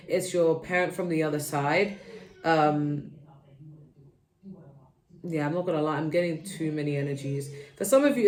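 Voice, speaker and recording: A woman with a lowish voice gives a tarot reading in a rambling, earnest way, full of fillers and false starts. She sits a little back from the mic, and her voice rings in an echoey room. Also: a little mellow, far from the mic. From United Kingdom. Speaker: tarot reader. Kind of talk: tarot card reading to viewers.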